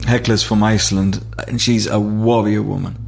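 A man's voice: on the low side, little pitch movement, moderate pace, gravelly, a little hiss or hum. A middle-aged man, telling a vivid story as an interview guest, with restarts and plain dialect grammar. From Nottingham, England. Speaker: guest, firefighter.

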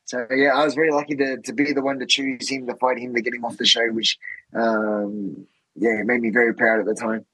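An Australian man as a podcast guest, spinning stories in a loose, rambling way and circling back on his words. His voice is husky and mid-pitched, recorded close and dry. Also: level tone, fairly quick, fairly bright tone, no room sound, low-quality recording. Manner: rambling, many fillers and restarts. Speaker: guest, fighter. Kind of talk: casual storytelling.

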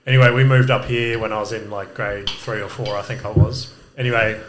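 A man with an Australian accent tells stories in a relaxed, chatty way. He laughs often and acts out the voices of the people he quotes. There is a faint hiss behind him, with a few clicks. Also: fairly low pitch, fairly quick, poor audio. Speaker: guest comedian. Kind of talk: casual storytelling.

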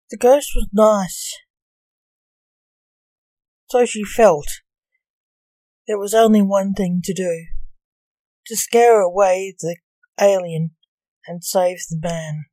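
Slow, measured woman narrator. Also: medium pitch, mellow, no room sound. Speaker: podcast narrator. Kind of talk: scripted story narration.

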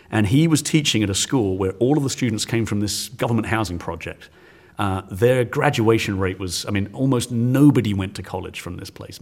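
A man in his forties from the United Kingdom, a science teacher telling stories as a guest in an interview, animated and laughing often. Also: lowish voice. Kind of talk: storytelling in an interview.

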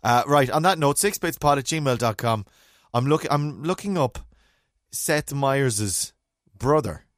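An Irish man hosting a podcast, telling stories in animated casual chat with wry asides. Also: medium pitch, unhurried, dry recording, clean studio sound. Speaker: podcast host.

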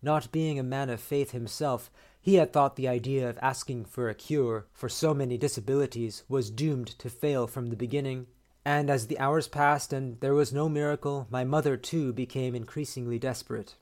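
A man hosting a podcast, reading a short story aloud in a measured, steady way. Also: medium pitch. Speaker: podcast host.

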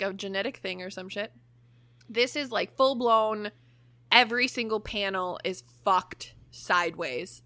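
A young woman co-hosting a podcast, telling a story in a lively way, swearing freely and laughing often. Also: mid-range voice, no echo. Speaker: podcast co-host. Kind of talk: casual chat, storytelling.

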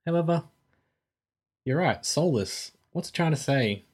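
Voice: mid-range voice, animated, unhurried, a little mellow. Dry, wry podcast co-host. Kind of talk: casual film review chat.

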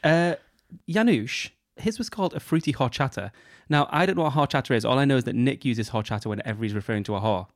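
A man's voice: medium pitch, quick pace, no echo, studio quality. A man co-hosting a podcast in casual chat, gossipy and opinionated. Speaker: podcast co-host.

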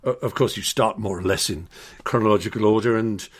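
A man's voice: lowish voice, a little fast, slightly rough. An older man with an English accent, talking in an articulate, anecdotal way as an interview guest, often restarting his phrases. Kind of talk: conversational storytelling.

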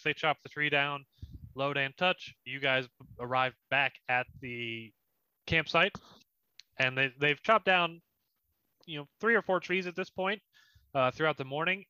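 A man's voice: mid-range voice, pushed and bright, smooth, dry recording, muffled recording. A man narrating a tabletop game as game master, in a loose, chatty way.

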